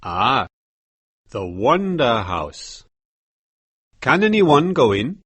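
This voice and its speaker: A man voicing a slow old Tibetan lama. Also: medium pitch, sing-song, fairly bright tone, breathy edge, no echo, exaggerated voice. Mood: solemn. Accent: British. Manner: slow, measured and solemn. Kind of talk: audiobook character reading.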